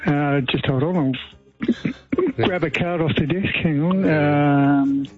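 A man reading police news and trivia on breakfast radio, matter-of-fact and full of pauses and "uh"s. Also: fairly high pitch, phone-quality sound, soft background music. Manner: hesitant, filler-heavy, matter-of-fact. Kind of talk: casual radio chat.

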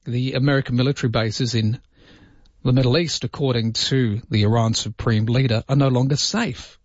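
A man's voice: mid-range voice, steady tone, normal speed, no room sound. A man hosting a solo talk show, chatting in a wry, rambling way with lots of asides. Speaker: show host. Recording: dry, slightly dull lo-fi sound.

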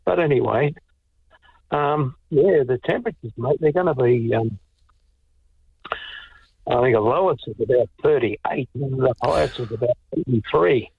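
Aussie bloke calling in, gravelly husky voice, halting, tinny phone line. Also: male voice, mid-range voice. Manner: hesitant, halting, says "mate". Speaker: caller. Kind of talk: talkback phone call.

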